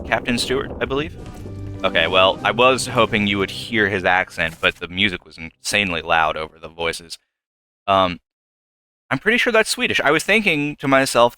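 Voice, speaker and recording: A young man doing let's play commentary, thinking aloud and hesitating, with sudden excited jumps. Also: on the low side, slight background noise. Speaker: gameplay commentator. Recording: faint game music behind.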